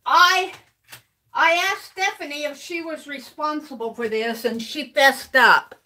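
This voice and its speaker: A woman's voice: sits high, expressive, moderate pace, bright, forceful tone. An older woman live-streaming her crafting, chatting casually, reading viewers' comments aloud and laughing often. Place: home craft room.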